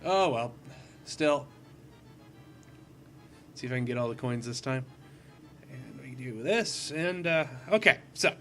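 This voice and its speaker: A man's voice: medium pitch, moderate pace, gravelly, a bit bright, soft background music. A man hosting a casual let's-play, rambling and goofy and poking fun at himself while he plays a puzzle platformer. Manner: goofy, rambling, self-deprecating. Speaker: gaming video host.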